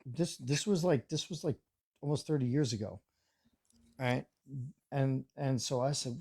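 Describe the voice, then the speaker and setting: Mellow-voiced man telling a story. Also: medium pitch, normal speed, slightly rough. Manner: storytelling, acts out quoted voices. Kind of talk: casual live-stream chat.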